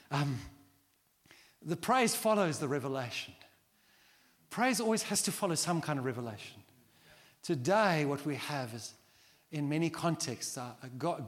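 A middle-aged man preaching a sermon as pastor, animated and acting out quoted prayers. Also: on the high side, a little slow. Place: large church hall. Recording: long hall reverb.

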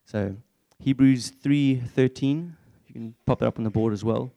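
A man's voice: mid-range voice, measured pace, gravelly, warm tone. A young man preaching a candid, conversational sermon in church.

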